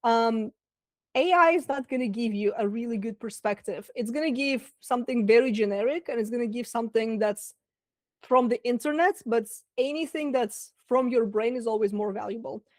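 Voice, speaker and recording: A business coach with a Russian accent leads a live webinar masterclass in a slightly high voice. She's chatty and loose, full of fillers and asides, at a normal pace. The audio is dry and close-miked, with no room sound at all.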